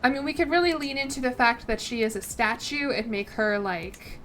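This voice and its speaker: A woman's voice: fairly high pitch, moderate pace, a bit bright, slight background noise. A young woman streaming a strategy game, chatting casually and thinking aloud in a self-deprecating way. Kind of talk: casual gameplay commentary.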